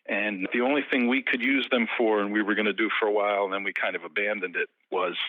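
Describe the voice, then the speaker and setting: A man calling into a show and talking his way through a long story in a lively way. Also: lowish voice, no echo. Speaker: guest. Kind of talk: telling a story. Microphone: phone call. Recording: tinny phone line.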